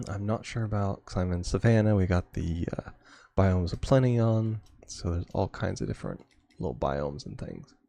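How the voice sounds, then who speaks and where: A man's voice: low voice, sing-song, normal speed, creaky, dark tone. A man streaming a game, chatting casually and rambling with frequent chuckles. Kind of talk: casual gameplay chat.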